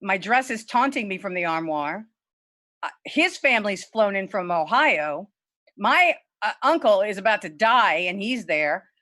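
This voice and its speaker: Animated, frank middle-aged woman storyteller. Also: a little slow, dry recording. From Lafayette, Louisiana. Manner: animated, candid, swears freely, voice leaps high when quoting herself. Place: home, virtual event. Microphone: video call.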